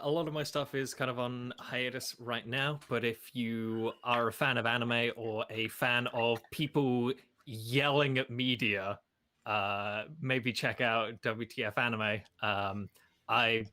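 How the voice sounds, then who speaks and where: A man who plays and hosts a podcast, speaking in a measured, thoughtful, hedging way. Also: medium pitch, pushed and bright. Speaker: podcast host and player. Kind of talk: casual chat.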